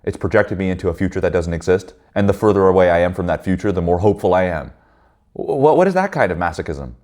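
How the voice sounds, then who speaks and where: A man's voice: low-pitched, lively intonation, fast talker, a little mellow. A man leading a men's group, telling a personal story in a blunt, heated, profane way.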